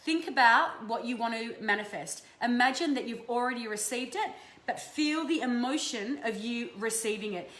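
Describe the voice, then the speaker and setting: Chatting with her live-stream viewers, an Australian host gives energy readings in a relaxed, loving manner, cursing freely. She speaks at a moderate pace with a voice on the high side and a fairly bright tone, and the recording has a roomy echo and slight background noise.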